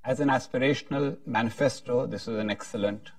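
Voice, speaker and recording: A man's voice: mid-range voice, a little fast, no room sound, recorded from a distance. A man moderating a panel discussion, talking in a rambling, hesitant way with frequent restarts.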